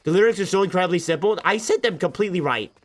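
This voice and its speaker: A man's voice: high voice, rapid-fire. A man streaming a game, chatting casually with goofy, self-mocking banter. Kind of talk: casual gameplay commentary.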